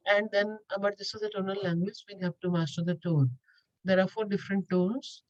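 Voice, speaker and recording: A woman's voice: mid-range voice, fairly even intonation, brisk, darkish tone, dull audio. A woman teaching a language lesson, explaining step by step and repeating key points. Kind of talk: explanatory lecture.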